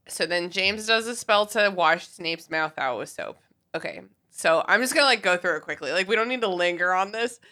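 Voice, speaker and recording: A woman co-hosting a casual podcast chat, her voice bright and forceful. She recaps in a wry, blunt way and laughs often. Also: lowish voice, animated, normal speed. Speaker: podcast co-host.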